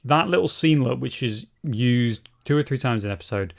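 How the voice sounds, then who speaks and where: Gravelly man in casual podcast chat. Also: medium pitch, normal speed. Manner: animated, swearing, laughing. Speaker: podcast co-host.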